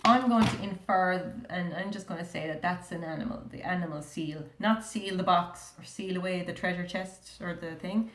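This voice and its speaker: A woman with an Irish accent teaching a primary school reading lesson, sounding out words slowly and asking the class many questions. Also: on the low side, a bit bright, roomy sound, a little hiss or hum. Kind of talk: recorded remote reading lesson.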